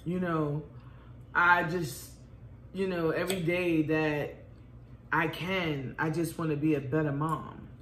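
A woman's voice: deep voice, fairly even intonation, slow, a bit bright. A middle-aged woman talking candidly about motherhood with her daughter over a meal at home, blunt and swearing freely. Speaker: mother of the host, guest. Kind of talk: casual family chat over a meal. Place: room at home. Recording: roomy echo, faint background noise.

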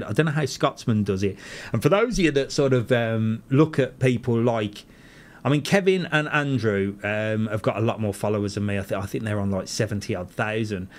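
A man in his 40s hosts a travel channel and chats casually on a live stream from a studio, reading comments aloud and replying with self-mocking laughs, in a medium-pitched voice.

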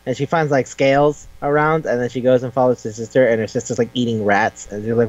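A man's voice: mid-range voice, fast talker, hardly any pauses. A man chatting casually and retelling a manga plot in a rambling way, full of "like" and swearing. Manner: rambling, lots of "like" and swearing, brief quoted voices. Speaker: podcast co-host. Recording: dull lo-fi sound.

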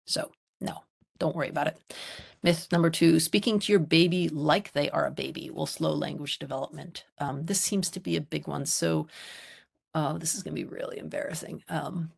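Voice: medium pitch, moderate pace, vocal fry, slightly rough. A lecturer on child language research giving an informal public talk over a video call, explaining in a conversational, reassuring way.

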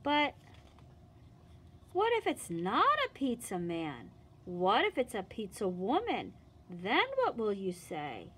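A woman, a children's librarian, reading a picture book and singing a song to young children in an animated, sing-song manner. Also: mid-range voice, slow pace, a little hiss or hum.

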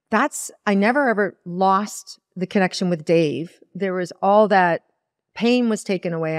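Her voice fairly low in pitch, a spiritual teacher from Iowa earnestly relates a personal experience during a podcast interview. She animatedly replays her own past words and inner dialogue, captured in a dry, studio-quality recording.

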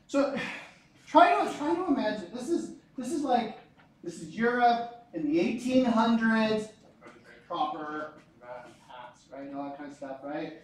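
A male teacher lecturing a class in a lively, joking way, often asking the students questions. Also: high-pitched, a little slow, slight background noise. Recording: echoey classroom.

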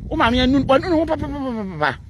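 A man's voice: very high voice, sing-song, racing, a little hiss or hum. A Ghanaian man, a Twi speaker, delivering a defiant, mocking rant to camera and mixing Twi with English. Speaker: vlogger answering a critic. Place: outdoors beside a busy road.

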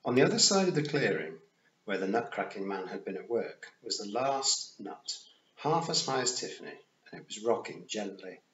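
A man reading a novel aloud in an expressive, lively storybook narration. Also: on the low side, moderate pace. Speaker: audiobook reader. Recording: roomy, dull home recording.

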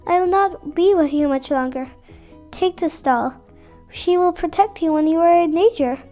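A woman voicing a gentle, dying mother in a fairy tale, speaking softly. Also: extremely high pitch, moderate pace, faint music behind. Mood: tender.

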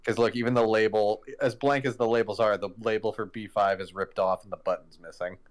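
A man with a somewhat low voice talks through a horror game on a live stream. He reacts to what he sees, thinks aloud and swears freely in casual chat. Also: steady tone, fairly quick.

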